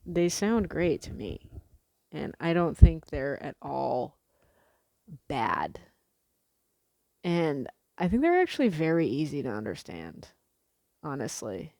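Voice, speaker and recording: Young woman vlogger, low pitch, dry close sound, loose sweary chatty delivery. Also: huge pitch swings, slow, creaky, long pauses, a little mellow, dry recording. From Pacific Northwest. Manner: chatty, swears freely, frequent fillers and restarts. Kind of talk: casual rambling monologue.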